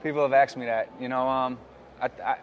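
A young man with a New York accent, a football player answering interview questions in a relaxed, rambling way with lots of fillers. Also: mid-range voice, fairly quick, muffled recording, a little hiss or hum. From New York City.

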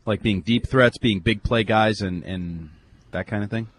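A man's voice: fairly low pitch, a little slow, slight background noise. A man on a casual sports talk panel who makes wry, skeptical comments and pushes back on the others. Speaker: podcast panelist.

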